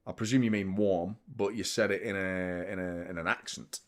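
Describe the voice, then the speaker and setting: A man hosting a live football watchalong, chatting opinions and commenting on play, swearing freely and getting loud at big moments. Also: fairly low pitch, lively intonation, normal speed, few pauses. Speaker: host of a football fan channel.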